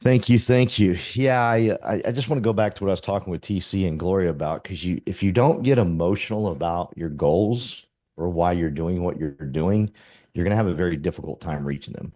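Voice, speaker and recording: Man, motivational host, impassioned, preachy, low voice, video call. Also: a little fast, warm tone. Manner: impassioned, preachy, acts out quotes. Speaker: meeting host.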